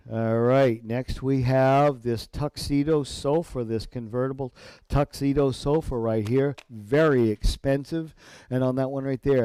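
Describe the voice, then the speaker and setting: A man's voice: mid-range voice, warm tone, smooth, dry recording. A man working as an auctioneer, calling bids at a live auction in a rhythmic, repeating patter and describing each lot. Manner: rhythmic rapid bid calling with repeated numbers. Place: auction gallery.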